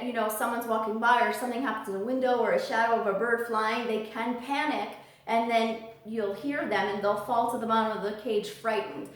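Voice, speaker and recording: A woman giving casual parrot-care tips in a vlog, chatty and animated, now and then squealing high to mimic her birds. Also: recorded from a distance. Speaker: parrot vlogger. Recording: roomy echo, voice from off the mic.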